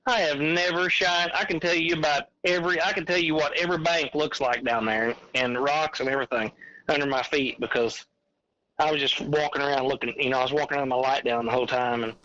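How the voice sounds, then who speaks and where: A man, a podcast guest calling in by phone, telling a hunting story in a rambling, animated way. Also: fairly high pitch, fairly quick, dry recording. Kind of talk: casual chat. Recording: dull lo-fi phone line.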